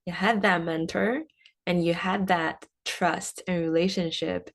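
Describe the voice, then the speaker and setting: A woman interviewer who restates her guest's story back to her and affirms it with soft murmurs. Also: fairly low pitch, steady tone, a little slow. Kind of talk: casual interview chat.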